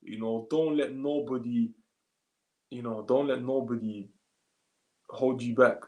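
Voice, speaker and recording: A man, a little tired, chatting casually on a live stream and reading comments aloud in relaxed slangy talk. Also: mid-range voice, unhurried, roomy sound, poor audio. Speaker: streamer answering chat.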